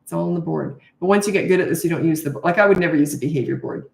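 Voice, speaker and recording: A woman's voice: deep voice, rapid-fire, vocal fry. Tired middle-aged woman doing a parenting q&a live, blunt and punchy, kinda echoey room. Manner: blunt, emphatic, acts out her own replies to kids. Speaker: parenting coach. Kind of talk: live Q&A advice talk.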